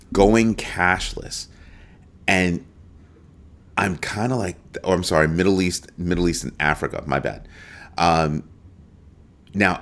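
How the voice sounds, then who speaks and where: A man with a very low, deep voice hosts a live crypto stream. He speaks emphatically and animatedly, calling out to viewers in the chat as he goes.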